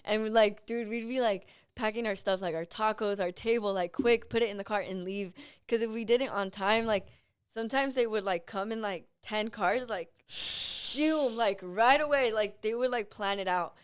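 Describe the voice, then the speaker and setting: Podcast guest lady rambling through a story, says like a lot, smooth clear voice. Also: medium pitch, moderate pace, no echo. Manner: rambling, heavy use of "like". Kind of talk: casual storytelling chat.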